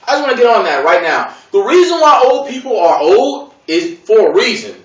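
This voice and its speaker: Lively high-voiced male comedian. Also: brisk, muffled recording. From Gary, Indiana. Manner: loose, profane, digressive storytelling with exaggerated voices. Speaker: stand-up comedian. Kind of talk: stand-up comedy routine. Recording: echoey room from a distance.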